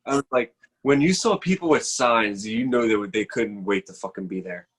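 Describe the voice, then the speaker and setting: A man's voice: lowish voice, moderate pace, husky. A man who is a podcast guest, chatting casually about wrestling with blunt, profane, enthusiastic opinions.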